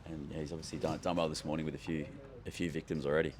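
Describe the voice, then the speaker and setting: Deep-voiced Australian man, easygoing radio commentator. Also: level tone, racing. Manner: laid-back, matey analysis. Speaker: guest commentator.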